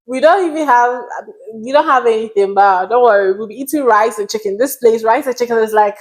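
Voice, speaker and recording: A woman's voice: on the high side, a little fast. A woman from Ghana, hosting a casual sister chat and talking straight to the audience. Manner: chatty, talks to the audience directly. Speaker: podcast host.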